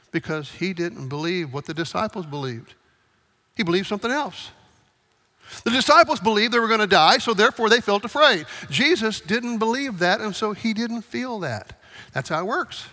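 A male preacher with a high, bright voice talks easily with his congregation and keeps asking them questions. The sound carries the long reverb of a large hall. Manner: asks the congregation questions, conversational. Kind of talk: sermon.

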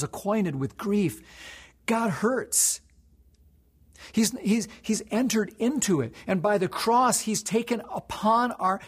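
A male pastor preaching a sermon, moving between soft, hushed prayer and rising, impassioned emphasis. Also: sits high, husky.

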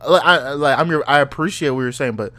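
A man's voice: fairly high pitch, fast talker. A young man casually telling a story on a podcast, acting out the people in it and laughing often. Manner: animated, acts out voices in anecdotes, laughs often.

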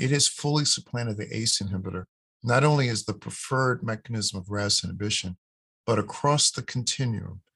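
A man with a lowish, husky voice speaks as a cardiology expert in an interview. He explains in a measured, emphatic way and repeats key points for stress. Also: a bit bright. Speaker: cardiologist guest, guideline author.

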